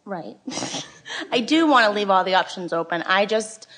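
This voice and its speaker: A woman's voice: medium pitch, expressive, moderate pace, a bit bright. A woman in a seminar audience asking a question, nervous and giggly, rambling with fillers. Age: adult, business owner.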